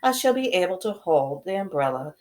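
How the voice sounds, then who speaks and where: A woman's voice: on the low side, big pitch swings, fairly quick, a little mellow. A woman voicing a polite, nervous male faun who speaks in a formal, courteous way.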